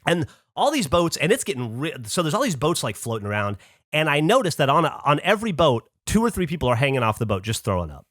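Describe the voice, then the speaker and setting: A man hosting a podcast who tells a story in casual chat. He is animated, swears casually and acts out other people's lines. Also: a little high, fast talker, dry recording, studio quality. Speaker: podcast host.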